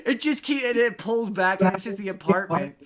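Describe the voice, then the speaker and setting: A man's voice: high-pitched, a little fast, crowd noise. A man co-hosting a podcast in casual chat, eagerly retelling a movie with many restarts and acted-out quotes. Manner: animated retelling, acts out quotes, stammers and restarts. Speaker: podcast co-host.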